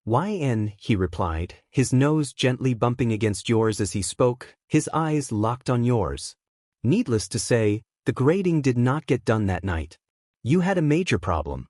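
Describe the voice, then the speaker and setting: A man's voice: medium pitch, sing-song, measured pace, a little mellow, dry recording. Man narrating a story, dry close sound. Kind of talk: scripted narration of reader-insert fan fiction.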